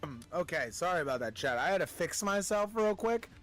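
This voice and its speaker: A man casting a live esports match with fast play-by-play commentary, calling player picks and hyping each fight. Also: high voice, animated, a bit bright, soft background music. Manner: hype-driven, quick calls of plays and player picks. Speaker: esports caster.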